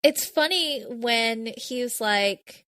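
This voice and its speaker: A woman co-hosting a podcast, chatting casually about a TV episode in a relaxed, amused way. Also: a little high, extremely slow, no echo. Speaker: podcast co-host. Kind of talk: casual chat recapping a TV episode.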